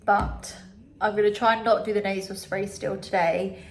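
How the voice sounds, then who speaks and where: A young woman from the UK talks into her phone camera at home, her nose clearly congested and blocked. She rambles in a casual, chatty way, full of fillers and little asides. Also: mid-range voice, little pitch movement, moderate pace. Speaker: vlogger. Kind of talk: casual recovery vlog.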